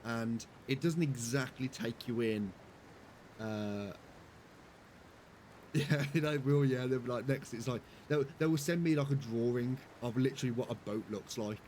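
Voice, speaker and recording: A man's voice: mid-range voice, a little slow, a little mellow, a little hiss or hum. A young British man giving casual live commentary on a game, chatty and giggly, swearing now and then. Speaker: streamer.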